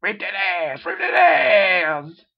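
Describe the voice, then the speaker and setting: A man's voice: mid-range voice, expressive, normal speed, husky. A man voicing a crude, boisterous grown man, in a muffled lo-fi recording. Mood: rowdy.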